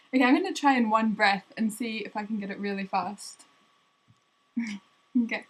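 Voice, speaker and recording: A woman's voice: on the high side, a little slow, poor audio. A woman speaking casually to camera, good-humoured and self-deprecating, reading out tongue twisters between easy asides with fillers along the way. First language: English. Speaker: vlogger.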